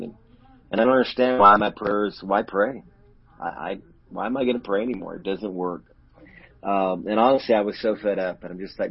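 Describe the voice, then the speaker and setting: In dull lo-fi audio, a middle-aged pastor being interviewed shares a personal story, open and emotional about the hurt he's felt. He speaks fairly quickly in an earnest, low-leaning voice with vocal fry and a slight roughness.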